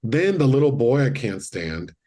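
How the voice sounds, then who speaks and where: A man co-hosting a podcast, retelling a film in casual chat and acting out the characters' lines with animated delivery. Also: mid-range voice, normal speed. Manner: animated storyteller, acts out quotes. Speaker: podcast co-host.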